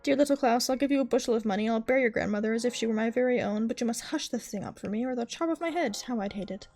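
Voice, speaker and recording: Give me a woman playing an excitable, fretful innkeeper from a storybook, talking fast. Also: on the high side, soft background music. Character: hot-tempered wealthy male innkeeper. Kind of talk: bedtime story reading.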